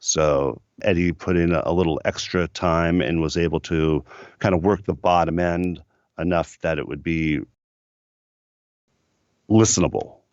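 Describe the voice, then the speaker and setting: His delivery is unhurried and fairly even in intonation, a low, deep voice with a slightly mellow quality. He's a middle-aged American record producer on a podcast, easily rambling about his studio days with many fillers. The audio is dry, a bit dull, without room sound.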